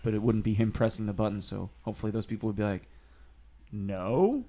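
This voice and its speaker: A man co-hosting a comedy podcast, telling crude rambling stories and often dropping his voice low for asides. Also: little pitch movement, very fast, a crowd in the background. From Boston area. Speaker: podcast co-host. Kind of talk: casual comedic chat.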